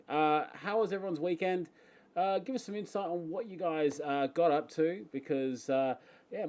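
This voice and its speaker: A chatty Australian man runs a casual live-stream Q&A from a room in his home. He speaks at an ordinary, mid-range pitch, greeting viewers by name and laughing easily between remarks. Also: a little mellow.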